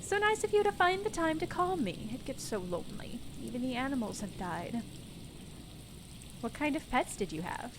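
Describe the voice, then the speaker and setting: A woman's voice: high voice, very animated, moderate pace, background noise, voice pushed up. A woman reading as a lonely woman on the phone. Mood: wistful. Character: lonely confused older woman on a phone line.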